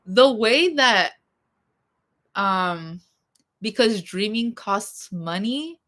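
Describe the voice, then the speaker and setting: A woman's voice: medium pitch, expressive, drawn-out words, a bit bright. A young woman vlogger chatting casually about songs that move her, rambling with lots of fillers and laughing asides. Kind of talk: casual chat about music.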